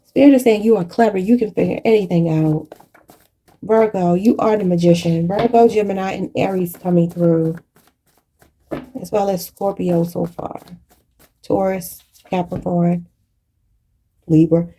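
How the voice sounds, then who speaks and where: A woman's voice: on the low side, unhurried, long pauses, mellow, slight background noise. A woman giving a channeled tarot reading in a preachy, spiritual way, often calling her viewers "y'all". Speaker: tarot reader.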